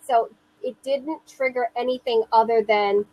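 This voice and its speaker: A woman in her thirties, a mother recounting her own experience in an interview, speaking slowly and earnestly with halting restarts. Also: fairly high pitch, rough recording. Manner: slow, earnest, self-reassuring, halting restarts. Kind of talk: personal testimony in an interview.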